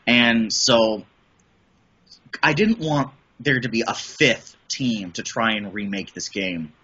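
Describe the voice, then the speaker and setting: Guesting on a podcast, this middle-aged American Midwesterner, who works as a voice and audio producer, rambles eagerly and keeps restarting. He speaks slowly in a mid-range voice that sounds pushed, bright and husky, though the audio is dull.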